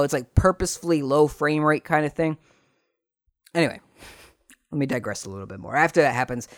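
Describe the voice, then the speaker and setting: A man hosting a solo podcast, casually recapping an old TV episode with rambling asides and animated retelling. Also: on the high side, no room sound, studio quality. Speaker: podcast host.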